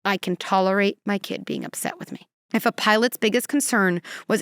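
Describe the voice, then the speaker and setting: A woman's voice: medium pitch, fairly quick, hardly any pauses, fairly bright tone, clean tone, no echo, studio quality. A female clinical psychologist, a guest in a conversational podcast interview, talking animatedly and acting out quotes and little scenarios.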